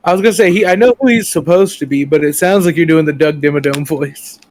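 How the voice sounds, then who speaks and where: A man taking part in a tabletop role-playing game, chatting casually in a slightly high voice. He trails off and searches for words with fillers. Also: fast, crowd noise. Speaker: player.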